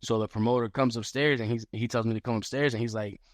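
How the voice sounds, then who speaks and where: A man on a podcast as a guest fighter, telling a story in casual chat, animated and profane, acting out what others said. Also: medium pitch, fast, no echo, studio quality. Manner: animated, profane, acts out quotes.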